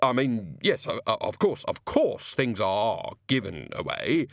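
A man's voice: fairly low pitch, sing-song, unhurried, vocal fry, no echo, studio quality, full character voice. A man doing a flustered, stammering shopkeeper. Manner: stammering and backpedalling. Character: flustered, nervous male shopkeeper.

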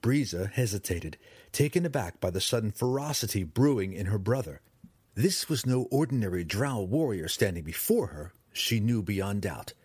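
A man narrating a fantasy audiobook in a dramatic, expressive reading style, close to the mic. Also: lowish voice, normal speed, husky, no room sound.

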